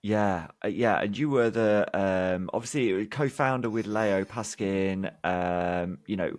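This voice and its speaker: Podcast host guy, lowish voice, dry close mic, keen and a bit umm-y. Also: slow pace, no echo. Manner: enthusiastic, hesitant questions with fillers. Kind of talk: casual interview.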